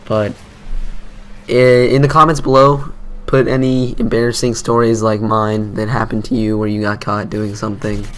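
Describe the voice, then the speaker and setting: A man's voice: fairly low pitch, little pitch movement, normal speed, fairly bright tone, soft background music. A teenage boy doing casual gameplay commentary, telling a story in a rambling, self-mocking way. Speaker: gaming commentator.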